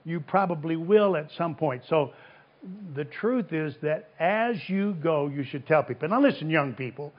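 A man preaches to a congregation with an emphatic, questioning delivery, his voice sitting a little high for a man. The recording has a dull, lo-fi quality. He presses each point and answers his own questions. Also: lively intonation, moderate pace. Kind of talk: sermon. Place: church service before a congregation. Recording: dull lo-fi sound.

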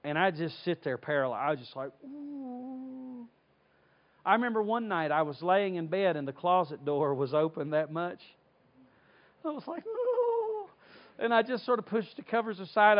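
A man from North Carolina, preaching a sermon and telling stories with lively acted-out voices. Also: high-pitched, dull audio. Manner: animated storytelling, acts out voices. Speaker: pastor.

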